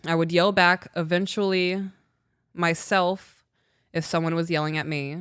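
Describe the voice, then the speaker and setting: A woman co-hosting a podcast in candid, casual chat. Her voice is smooth and clear, and she speaks frankly and emotionally, swearing freely. The sound is dry and close. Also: lowish voice, little pitch movement, measured pace, fairly bright tone, no room sound. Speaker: podcast co-host.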